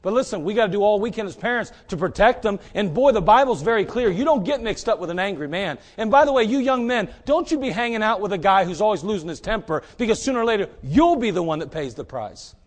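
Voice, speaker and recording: A man preaching a sermon in a folksy, direct way, swinging between loud emphasis and quiet asides. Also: sits high, lively intonation, fast talker, few pauses.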